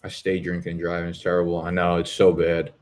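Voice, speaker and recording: A man's voice: low-pitched, completely flat delivery, quick pace, darkish tone. A man in his twenties hosting a fantasy football live stream, chatting casually with viewers in a rambling, profane, jokey way. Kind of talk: casual live-stream chat reading comments. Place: apartment in Brooklyn.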